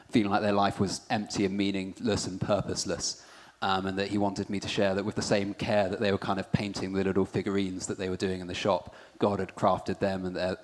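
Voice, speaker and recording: A man's voice: low voice, big-room sound. A man hosting a church conference, upbeat and self-deprecating as he shares his own story. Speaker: conference host.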